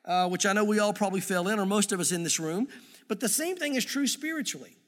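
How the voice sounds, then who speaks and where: A male pastor preaching a sermon in a church, in an animated, conversational way with frequent asides. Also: high voice, fast. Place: church sanctuary. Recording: long reverb of a church hall.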